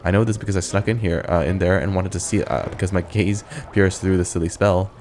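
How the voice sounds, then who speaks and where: A man's voice: low-pitched, steady tone, fast, a little mellow, slight background noise, natural voice. A man voicing a vain, petulant female filth demon who calls herself a queen, speaking in a whiny, boastful way. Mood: flirty.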